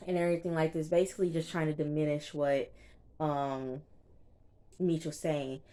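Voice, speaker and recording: Chatty young woman with a low voice. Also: steady tone, normal speed, dark tone. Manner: chatty, slangy, retells scenes with quoted dialogue. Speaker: TV recap vlogger. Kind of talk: casual episode recap.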